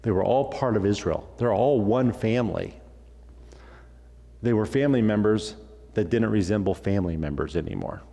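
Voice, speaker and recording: Animated male pastor in an echoing hall. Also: fairly low pitch, normal speed, gravelly. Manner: animated, acts out dialogue, jokey asides. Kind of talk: sermon. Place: church sanctuary.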